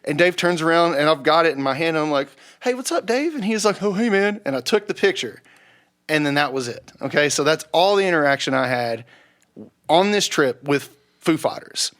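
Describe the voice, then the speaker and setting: A young man telling a rowdy story on a podcast, swearing freely and loudly acting out the people he quotes. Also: fairly high pitch, brisk. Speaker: podcast guest. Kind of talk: casual storytelling.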